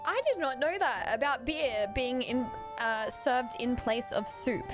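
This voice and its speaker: A woman's voice: a little high, a little slow, music in the background. An Australian woman streaming a game, chatty and giggly, talking casually over it. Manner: chatty, giggly, slips into silly voices. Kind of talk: casual gameplay commentary.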